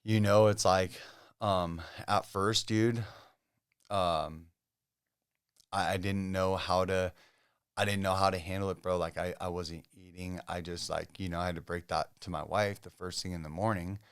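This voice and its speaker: A man from Southern California with a very low, smooth and resonant voice, recorded dry and close. He tells his story as a podcast guest in relaxed, casual talk, peppered with "dude", "bro" and "like". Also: normal speed, no room sound. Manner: laid-back, full of "dude", "bro" and "like". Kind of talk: casual testimony chat.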